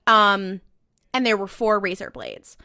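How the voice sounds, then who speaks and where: A woman's voice: mid-range voice, expressive, unhurried, bright, forceful tone, no echo, clean studio sound. A woman co-hosting a podcast, recapping an episode in a breezy, profane way with lots of filler words. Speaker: podcast co-host. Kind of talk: casual rewatch podcast chat.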